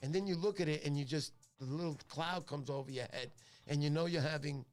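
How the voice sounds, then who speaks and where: A man's voice: on the high side, a little fast. A middle-aged man, hosting a fishing livestream in casual chat, joking and rambling through his stories. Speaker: fishing show host.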